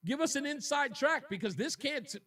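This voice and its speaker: A man's voice: extremely high pitch, lively intonation, normal speed, pushed and bright, recorded from a distance. A man hosting a talk radio show, delivering an indignant, emotional monologue that repeats points for emphasis.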